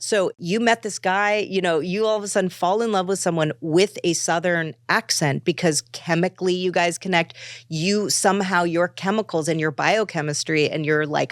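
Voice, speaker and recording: A woman from New York in casual podcast chat, talking in an animated way and jumping into high voices for quotes. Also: dry recording, studio quality. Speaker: podcast guest.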